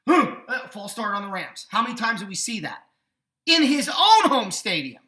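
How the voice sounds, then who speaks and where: A man's voice: sits high, very animated, moderate pace, bright, forceful tone, echoey room. A man hosting a sports podcast, ranting indignantly with sarcasm. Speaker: podcast host. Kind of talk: sports opinion rant.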